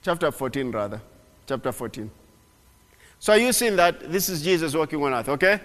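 A man preaching a sermon in an animated way, repeating phrases and often restarting. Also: on the high side, moderate pace. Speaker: pastor. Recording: long hall reverb.

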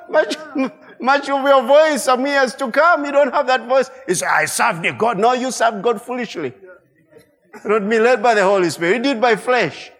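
A male pastor preaching a sermon, animated, swinging between loud cries and low asides, mimicking prayers and tongues aloud. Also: long reverb tail.

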